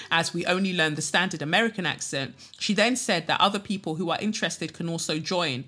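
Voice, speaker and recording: Woman reading a letter on her podcast, kinda low but bright voice, lots of dry little asides. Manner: expressive, laughs easily, dry asides.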